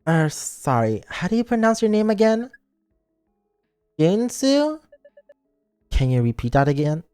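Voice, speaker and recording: An awkward, hesitant schoolteacher leading a field trip, read in a man's plain voice. The pitch bounces around, with soft music underneath. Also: very animated, a little slow, clear, resonant tone, no room sound, clean studio sound.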